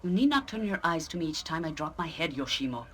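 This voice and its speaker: An actress voicing a stern, sharp-tongued woman druid in a video game, curt and dry. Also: low voice, very animated, fast, breathy edge, exaggerated voice.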